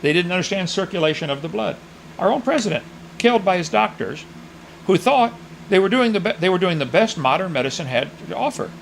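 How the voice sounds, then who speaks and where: A man's voice: sits high, lively intonation, fairly quick, gravelly, a little hiss or hum, low-quality recording. A middle-aged man preaching a sermon with Bible readings, folksy with mocking asides.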